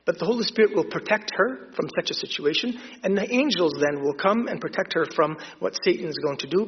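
A man preaching a sermon, retelling scripture and acting out the dialogue in an animated storytelling way. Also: on the high side, slightly rough. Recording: dull lo-fi sound with long hall reverb.

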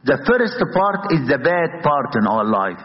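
A man with an Egyptian accent and Arabic as his first language, a priest preaching a sermon with passion and piling up rhetorical questions in a husky voice. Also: mid-range voice, sing-song, measured pace. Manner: impassioned, many rhetorical questions. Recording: dull, echoey hall.

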